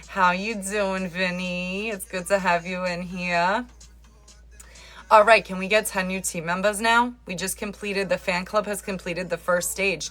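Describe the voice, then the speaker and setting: A woman's voice: lowish voice, fairly bright tone. A talkative woman hosts a livestream from her phone. She chats casually with viewers, teases them playfully and answers their comments as they arrive. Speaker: livestream host.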